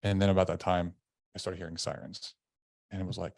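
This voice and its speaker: A man's voice: sits low, level tone, brisk, darkish tone, no room sound, studio quality. A man, a podcast guest, earnestly recounting a personal story in candid conversational detail. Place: indoor room.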